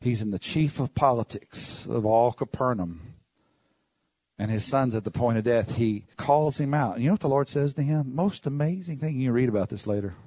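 A man preaching a sermon and telling his own testimony, animated, now and then bursting into shouts. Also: medium pitch, normal speed, husky, dry recording.

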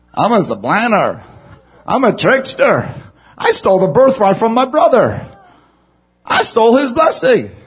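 A preacher voicing a desperate pleading schemer. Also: male voice, high voice, breathy edge, exaggerated voice. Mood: confessing. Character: desperate scheming man pleading then confessing.

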